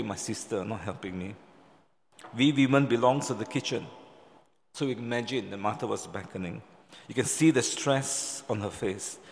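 A man gives a sermon in a church hall. He talks in an easy, conversational way, pausing and restarting, and acts out the lines he quotes. His voice rings with a long hall reverb. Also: fairly low pitch. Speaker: preacher.

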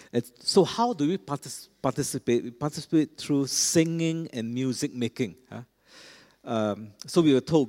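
Preacher in a reverberant cathedral. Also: male voice, mid-range voice, darkish tone. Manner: earnest, with frequent fillers and restarts. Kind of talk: sermon. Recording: long hall reverb.

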